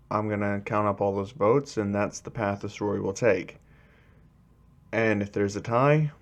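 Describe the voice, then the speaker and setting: Slow, low-voiced man telling a story. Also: dull audio. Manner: rambling, many fillers, little change of voice for characters. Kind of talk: casual fan-fiction storytelling.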